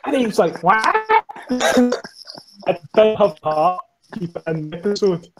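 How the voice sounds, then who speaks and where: Scottish guy, on the high side, loose and sweary, self-deprecating podcaster guest. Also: wildly swooping pitch, slow pace, over loud music, poor audio. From Scotland. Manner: swears freely, laughs often, self-mocking storyteller. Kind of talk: casual chat.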